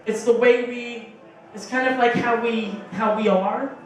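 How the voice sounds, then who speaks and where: A woman's voice: a little high, fairly even intonation, a little slow, slight background noise. A young woman doing a stand-up comedy set on a small bar stage, rambling and profane with lots of fillers, acting out other people's lines. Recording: echoey bar room from a distance.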